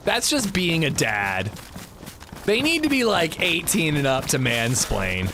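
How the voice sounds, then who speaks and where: A man's voice: fairly high pitch, unhurried, background noise. A man hosting a gaming livestream, chatting casually and telling stories in a joking way. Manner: animated, joking storytelling. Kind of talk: casual chat while playing.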